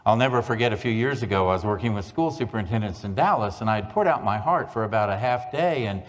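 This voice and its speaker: A man's voice: fairly low pitch, animated, fast talker. A man giving a humorous keynote, telling folksy jokes and stories at a conference. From Oklahoma, USA. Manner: folksy joke-telling storyteller. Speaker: keynote speaker. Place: large conference hall. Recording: reverberant conference hall.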